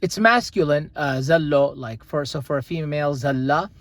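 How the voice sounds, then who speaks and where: A man teaching a language grammar lesson, patiently explaining and slowly repeating example words. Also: on the high side, no echo.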